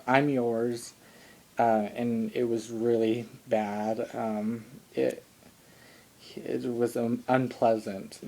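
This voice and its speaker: A mellow, medium-pitched voice belongs to a young man recapping a TV singing show. Filming himself on a shaky handheld camera, he rambles through a casual talking-head recap packed with ums and likes.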